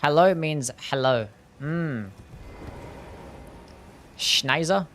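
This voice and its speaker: A man in the middle of a live game stream, talking to his chat at an ordinary, mid-range pitch. He speaks loosely and offhandedly, with casual swearing and laughter mixed in. A faint noise sits under his voice. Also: animated, moderate pace. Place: home streaming setup.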